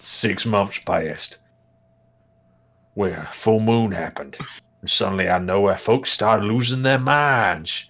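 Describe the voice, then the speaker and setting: A man voicing a rough-spoken male orc farmer in a folksy, gruff low voice. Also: slow pace, fairly bright tone. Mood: grim. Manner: rustic folksy drawl, blunt.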